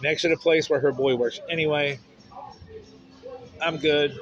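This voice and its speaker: A man's voice: fairly high pitch, steady tone, a little slow, fairly bright tone, soft background music. Blunt, profane man venting, lo-fi. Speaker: vlogger. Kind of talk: rambling personal vent to camera.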